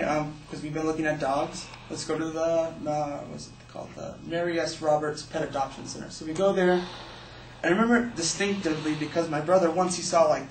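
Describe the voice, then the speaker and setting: A young man telling a personal story as a speech to an audience, in a loose, casual way full of "like" and "you know". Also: on the high side. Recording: echoey room, distant mic, faint hiss.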